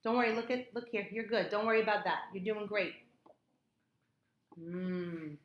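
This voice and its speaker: A woman tutoring a child in phonics one-on-one, patient and encouraging, repeating words slowly in a classroom. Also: mid-range voice, fairly even intonation, highs cut off. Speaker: reading tutor. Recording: echoey room, faint noise.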